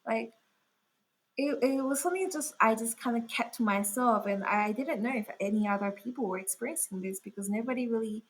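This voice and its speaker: A woman's voice: on the high side, fairly quick, slightly rough, rough recording. A young woman chatting as an interview guest, talking casually with lots of fillers. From Australia. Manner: chatty, full of "like" fillers and laughs. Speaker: guest artist.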